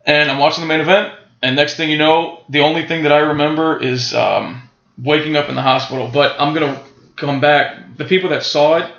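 Gravelly man telling a story. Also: a little high, a little fast, echoey room, dull audio. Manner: animated storyteller, checks in with "right?" and "bro". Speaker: guest, professional wrestler. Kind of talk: casual storytelling.

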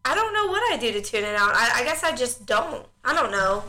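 A woman's voice: fairly high pitch, very animated, fairly quick, bright, forceful tone. A woman co-hosting a casual podcast, giving short supportive replies and her own stories. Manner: supportive, brief agreeing replies. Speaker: podcast co-host. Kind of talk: casual chat.

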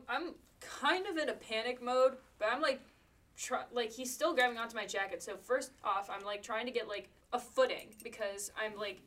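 Rambling woman player, bright and distant. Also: a little high. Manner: rambling, lots of "like". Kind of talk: playing a detective in a tabletop game.

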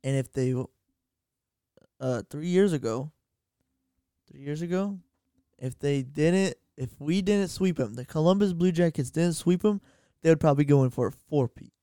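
Young male podcast co-host, excitable rambler, slightly high, mellow, dry close mic. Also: moderate pace, smooth, no room sound. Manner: rambling, excitable, self-correcting. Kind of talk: casual sports chat.

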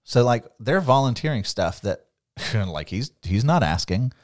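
A man co-hosting a Bible study podcast, teaching in a lively, conversational way, laughing often and acting out quotes. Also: medium pitch, a little slow, no room sound, clean studio sound.

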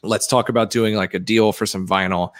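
A man's voice: fairly low pitch, a little fast. A man from England chatting casually as a guest musician, joking and swearing while he tells stories. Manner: animated, swearing, jokey storytelling. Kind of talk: casual podcast chat.

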